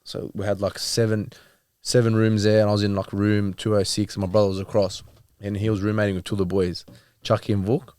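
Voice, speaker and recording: A man's voice: fairly low pitch, level tone, fairly quick, a little mellow, clean tone, no echo, studio quality. A young man, a rugby player guest on a podcast, talking in a laid-back, rambling way. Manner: laid-back, rambling, lots of fillers and laughs. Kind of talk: casual chat.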